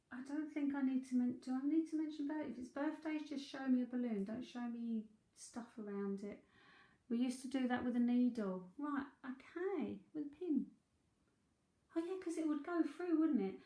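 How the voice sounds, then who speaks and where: Woman, Cockney accent, psychic medium, chatty, laughs a lot, fairly high voice, echoey room. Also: lively intonation, moderate pace, dark tone. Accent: London Cockney. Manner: chatty, laughs often, thinks aloud. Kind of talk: live mediumship reading. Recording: roomy echo.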